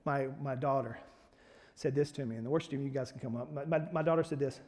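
A male pastor preaching a sermon, telling personal stories and building to loud, emphatic preaching. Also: mid-range voice, quick pace. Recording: hall reverb with soft music behind.

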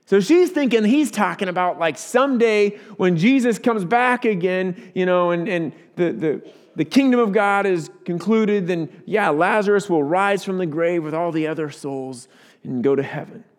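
A man preaching a sermon as a pastor, earnest and swelling louder at key points. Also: sits high, moderate pace, in a large hall.

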